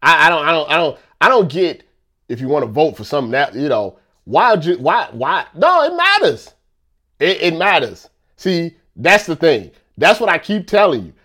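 A man's voice: fairly high pitch, moderate pace. Guy going off on a rant, keeps asking "you know what i'm saying", voice jumps all over. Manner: animated, repeats himself, rhetorical questions. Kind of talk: casual political rant.

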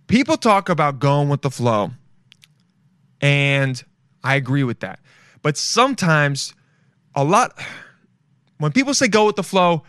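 A man's voice: fairly high pitch, a bit bright, dry recording, studio quality. A man hosting a solo podcast, rambling loosely and profanely and calling his listeners dude and bro. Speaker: podcast host.

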